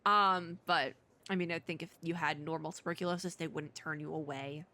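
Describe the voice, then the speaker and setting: A woman's voice: low-pitched, fairly even intonation, normal speed, sharp tone. A woman hosting a casual let's play, chatting and rambling as she reads the game text aloud. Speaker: VTuber let's-play host. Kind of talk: casual gameplay commentary.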